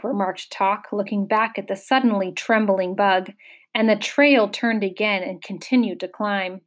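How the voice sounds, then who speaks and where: A woman reading a children's fantasy novel aloud in a measured, expressive storytelling voice. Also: medium pitch. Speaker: audiobook narrator. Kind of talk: scripted narration.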